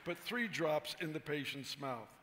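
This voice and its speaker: A man's voice: a little high, expressive, measured pace, pushed and bright, big-room sound, a little hiss or hum, voice pushed up. A man voicing a sly old retired farmer who poses as a doctor, delivering lines smugly in a told joke.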